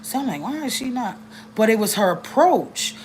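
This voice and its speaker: A woman giving blunt, animated advice to caseworkers, telling stories and cussing freely in a casual livestream. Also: on the high side, moderate pace, slight background noise, low-quality recording. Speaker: family advocate speaking to caseworkers.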